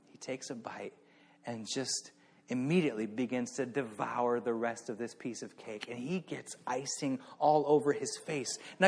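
A man preaching a sermon, telling a story in an animated way that swings between hushed and excited. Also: sits high, big-room sound.

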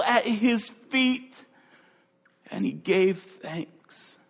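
Male preacher, slow and dramatic sermon storytelling, long reverb. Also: on the high side, husky. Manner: vivid storytelling, dramatic pauses.

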